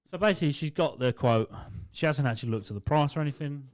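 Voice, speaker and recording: A man's voice: on the high side, fast talker, no echo, studio quality. A young man co-hosting a podcast, telling work stories with lots of swearing and mocking impressions of customers. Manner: sweary, animated, mimics customers. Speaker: podcast co-host. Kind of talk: casual storytelling chat. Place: small studio.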